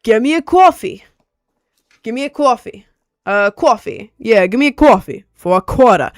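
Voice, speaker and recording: A woman putting on a loud, pushy stereotype voice with an exaggerated New York accent. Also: fairly high pitch, expressive, moderate pace, no echo, clean studio sound, lightly acted. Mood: brash.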